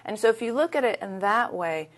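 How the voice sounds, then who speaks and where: A woman's voice: mid-range voice, brisk. A middle-aged woman as an interview guest, talking in a candid, anecdotal, conversational way. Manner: candid, anecdotal, lively retelling. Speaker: interview guest, leadership consultant. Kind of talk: conversational storytelling.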